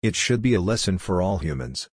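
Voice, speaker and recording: A man voicing a calm, coldly logical android envoy who speaks in a level, matter-of-fact way. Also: sits low, brisk, breathy edge, no echo, clean studio sound, heavily acted. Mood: explaining.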